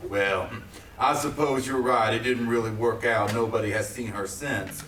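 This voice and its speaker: An actor playing a flirtatious, creepy middle-aged stranger with a Southern drawl in a staged play reading, recorded from across a theatre. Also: male voice, medium pitch, fairly even intonation, normal speed, a bit bright, a little hiss or hum, lightly acted. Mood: sweet-talking. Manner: drawling, calls her sugar and darling. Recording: roomy theatre, mic far off.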